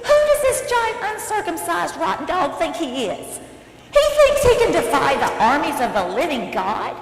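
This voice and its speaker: A woman's voice: mid-range voice, animated, normal speed, a bit bright, a little hiss or hum, close to an everyday voice. Woman as a fiery, faithful boy hero, earnest, echoey room. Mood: indignant. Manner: indignant and earnest. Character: brave faithful young shepherd boy.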